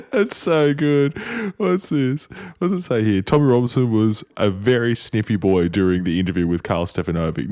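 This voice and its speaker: A man hosting a casual reaction video, laughing and relaxed, tossing in "dude". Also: deep voice, no echo, clean studio sound. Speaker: host.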